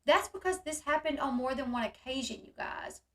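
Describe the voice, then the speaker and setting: A woman hosting casual commentary on a video, talking in an animated way and acting out the yelling she describes. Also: sits high, brisk, roomy sound. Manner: animated, reacts loudly, acts out quoted yelling. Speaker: commentary host.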